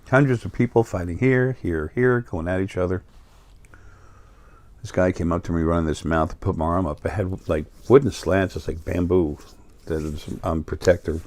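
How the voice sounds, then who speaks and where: A man's voice: low-pitched, a little mellow. A middle-aged man with a New York accent talking in a rambling, casual monologue full of fillers and restarts. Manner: meandering, many fillers and restarts. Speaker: spiritual video host.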